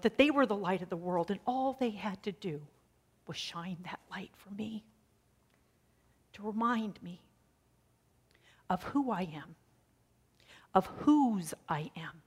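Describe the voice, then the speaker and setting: A woman's voice: mid-range voice, husky. Woman pastor telling a story in a sermon. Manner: conversational storytelling, drops to a hush on key lines.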